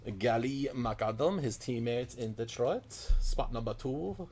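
A man's voice: medium pitch, slow pace, darkish tone, faint music behind. A man putting on a comic accent as a jolly hockey-player persona, chuckling "ho, ho" as he speaks as the players. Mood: jokey. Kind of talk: mock-accent card commentary.

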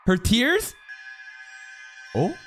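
A man giving casual, excitable reaction commentary as an anime streamer, swinging from loud outbursts to low mutters. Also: extremely slow. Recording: anime music audible underneath. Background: anime soundtrack playing.

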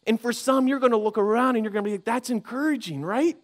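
A man preaching a sermon as pastor, conversational and animated, acting out inner voices with frequent restarts. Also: very high voice, rapid-fire. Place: church sanctuary.

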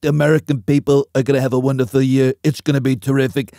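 A man doing an impression of a boastful older male politician, drawn-out and repetitive. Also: mid-range voice, flat delivery, creaky, warm tone, no echo, studio quality, natural voice.

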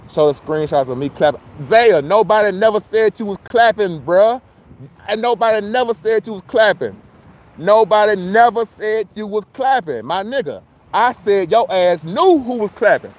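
A high-pitched man in holds forth on a casual phone livestream outdoors. He is loose, profane and argumentative, calling out viewers by name and repeating his points. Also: a little mellow. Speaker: livestream host.

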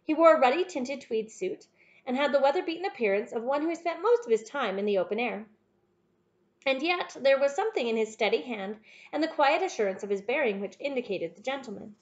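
A woman narrating an audiobook in a measured, even reading style. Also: high voice, lo-fi sound. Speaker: audiobook reader. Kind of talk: scripted narration.

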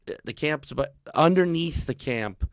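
Man spinning a comic yarn, lively voices for each character, dry close mic. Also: on the high side, measured pace, dry recording. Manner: animated, acts out voices of people in the story. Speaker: comedian telling a story. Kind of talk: casual storytelling on a comedy podcast.

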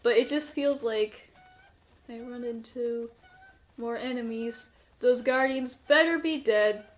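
Playing through a game for her channel, this host speaks slowly in a slightly high voice. She chats in a relaxed but jittery way, laughing along the way. She also addresses her in-game character directly.

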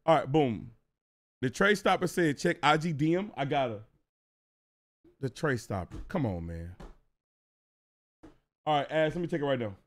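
A young man streaming live, ranting to his chat in a casual, profane, animated way. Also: a little high, moderate pace, pauses often.

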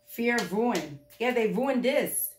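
Profane, animated woman reading tarot. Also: fairly high pitch, slow pace, faint music behind. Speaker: tarot reader. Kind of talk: casual tarot reading to viewers. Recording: echoey room.

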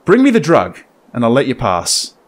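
A man voicing a surly young man who blocks a doorway, blunt and demanding, with slow, sneering lines. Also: mid-range voice, wildly swooping pitch.

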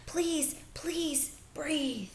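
Grieving boy with rough speech, raised pitch, raw and pleading, voiced by a woman reader, roomy sound. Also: drawn-out words, heavily acted. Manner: pleading, then shouting.

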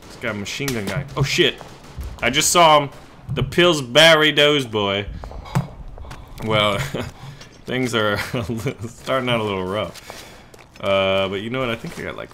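A man giving excitable let's play commentary while playing a shooter game, often swearing and shouting at the action. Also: medium pitch, slight background noise. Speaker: gaming YouTuber. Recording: loud game gunfire behind voice. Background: game gunfire and explosions.

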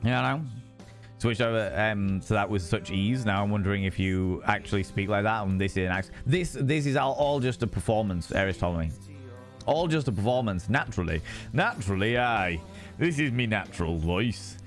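A man's voice: on the low side, a little fast, faint music behind. A young man streaming live, chatting with viewers in a playful, sweary way and greeting them by name. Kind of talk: casual live-stream chat.

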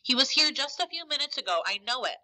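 A woman's voice: sits high, animated, quick pace, pushed and bright, pitched above the performer's own voice, exaggerated voice, poor audio. Woman doing a shrieking blind pirate. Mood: frantic. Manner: shrieking, commanding. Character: blind menacing old male pirate, cruel and frantic.

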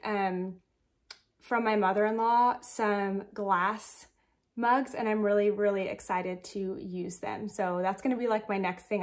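A woman with a medium-pitched, groggy morning voice hosts a knitting podcast, chatting casually and rambling with giggly asides as she shows off her projects.

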